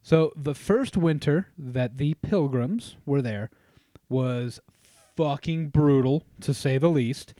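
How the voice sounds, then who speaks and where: A man's voice: medium pitch, slow, dark tone, no echo. Joking man telling history, dry sound. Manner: joking, swears, laughs often. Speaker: podcast host. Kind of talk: casual history chat.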